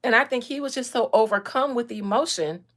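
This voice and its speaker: A woman hosting a casual livestream, telling stories in a candid, animated way with blunt language. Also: a little high, a little fast. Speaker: real estate agent and livestream host.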